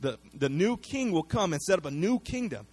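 A man delivers a sermon in a relaxed, conversational way, retelling a story with lively acted-out quotes. His voice sits a little higher than most men's, and he stumbles over repeated words and fillers as he goes. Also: normal speed, breathy edge, soft background music. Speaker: pastor.

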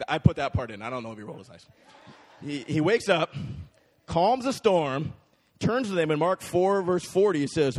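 A man's voice: on the high side, lively intonation, moderate pace, darkish tone. A man preaching a sermon to a congregation, talking in a casual, conversational way and often asking "right?". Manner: conversational, checks in with the crowd with frequent "right?". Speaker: pastor. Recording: long hall reverb.

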